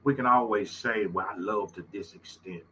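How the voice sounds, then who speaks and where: A man's voice: on the low side, moderate pace, bright, forceful tone, slight background noise, low-quality recording. A middle-aged man with a Southern Louisiana accent tells stories in a casual monologue, folksy and emphatic, and he repeats his phrases. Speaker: host.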